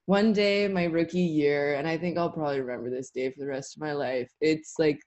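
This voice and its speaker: A woman's voice: low voice, steady tone, fairly quick, darkish tone, highs cut off. Chatty young woman telling a story. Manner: chatty, lots of "like" fillers, laughs while telling. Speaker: guest, tree planter. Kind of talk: casual interview storytelling.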